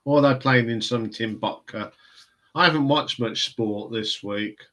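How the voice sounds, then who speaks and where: A man's voice: mid-range voice, measured pace, fairly bright tone. A man in casual, rambling chat, hosting a live stream from home. He answers viewer comments as they come in, chuckling often. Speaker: live stream host reviewing records.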